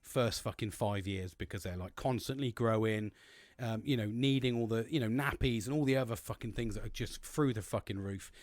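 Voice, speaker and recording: A man's voice: fairly low pitch, fairly quick, dry recording. A man in his forties, hosting a podcast in a casual solo monologue, rambling and swearing with many restarts. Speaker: podcast host.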